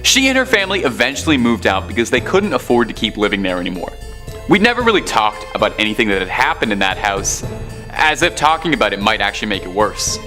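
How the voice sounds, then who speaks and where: A man's voice: lowish voice, big pitch swings, fast, sharp tone, soft background music. A man narrating scary stories in a scripted way, with casual asides.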